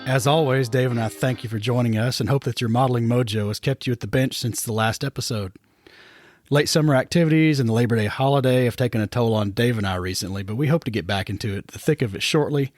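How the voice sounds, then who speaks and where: A man's voice: mid-range voice, fast talker, darkish tone, no room sound, soft background music. Laid-back dry-humored male podcast host. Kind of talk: casual hobby podcast chat.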